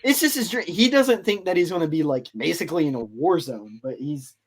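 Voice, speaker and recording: Male podcast host, slightly high pitch, loose and filler-heavy storytelling. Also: expressive, brisk, hardly any pauses, slightly rough. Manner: rambling, filler-heavy retelling. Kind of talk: casual storytelling chat.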